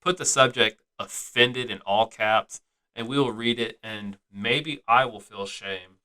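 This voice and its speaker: A man's voice: on the low side, measured pace, sharp tone, clean tone. A man co-hosting a casual podcast, teasing his co-host and laughing often, with a slight Southern twang. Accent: slight American Southern twang.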